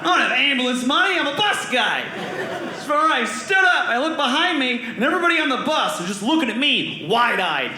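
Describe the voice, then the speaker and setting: A young man telling a stand-up story on a comedy club stage, animated and acting out voices and sound effects. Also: very high-pitched, a little fast, crowd noise. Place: comedy club stage before a live audience. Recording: roomy club with loud audience laughter.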